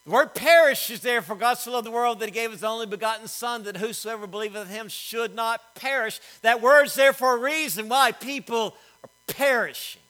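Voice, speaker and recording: A middle-aged man preaching a sermon, swinging between loud emphatic lines and quiet storytelling. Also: extremely high pitch, normal speed, poor audio. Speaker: pastor.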